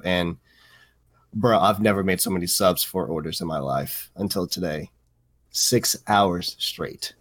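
A young married man co-hosts a casual podcast chat in a low voice with no room sound. He rambles, uses lots of fillers, and swears bluntly.

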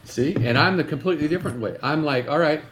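A man co-hosting a morning show, upbeat and excitable, coming back to the same point again and again. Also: on the high side, fast talker, soft background music. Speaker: co-host. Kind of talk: casual chat. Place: radio studio.

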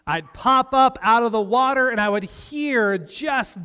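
High-voiced pastor in a reverberant church. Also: male voice, unhurried, hardly any pauses, smooth. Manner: animated storytelling, raising pitch for quoted voices. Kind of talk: sermon with scripture reading. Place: church sanctuary. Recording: long reverb of a church hall.

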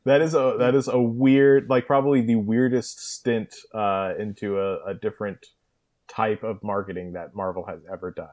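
A man's voice: fairly low pitch, steady tone, normal speed, a little mellow. A man hosting a casual gaming podcast, joking and laughing often as he talks. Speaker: podcast host.

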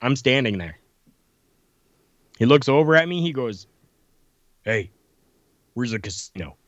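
Animated man telling stories, lo-fi. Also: mid-range voice, measured pace, long pauses, dry recording. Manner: animated storyteller, acts out quotes. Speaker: podcast guest telling stories. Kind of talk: casual chat.

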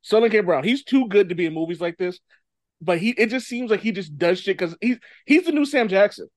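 A man with a high voice hosts a casual podcast chat, animated and quick to laugh and swear. The sound is close and dry, with no room around it. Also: no room sound. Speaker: podcast host.

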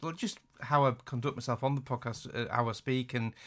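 A man with a Yorkshire accent co-hosting a podcast, chatting casually and self-deprecatingly, often trailing off quietly. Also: mid-range voice, steady tone, brisk. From Yorkshire, England. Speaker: podcast co-host. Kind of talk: casual chat.

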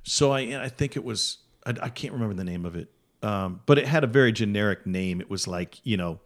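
A man's voice: lowish voice, expressive, a little fast. A man telling a funny story on a podcast in a casual way, acting out other people's voices as he goes. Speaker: podcast guest.

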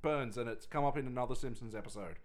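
A man hosting a casual podcast chat, relaxed and laughing easily. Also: mid-range voice, fast. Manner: laughs often, relaxed and jokey. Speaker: podcast host.

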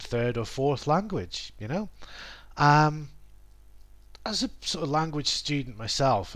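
A middle-aged man hosting a language podcast, talking through a lesson in a thoughtful, self-correcting way with many pauses and asides. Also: medium pitch, fairly bright tone. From England. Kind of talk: reflective spoken lesson.

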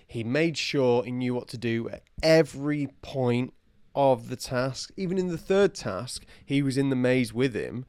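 A man's voice: medium pitch, animated, a little slow, a little mellow, clear, resonant tone, dry recording. Wry man chatting on a podcast. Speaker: podcast co-host. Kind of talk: casual chat.

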